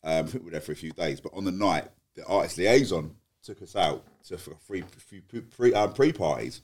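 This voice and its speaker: A man's voice: sits low, expressive, brisk, darkish tone. A man telling a rambling, sweary anecdote on a podcast, laughing as he goes. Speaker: podcast co-host. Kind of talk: casual storytelling chat.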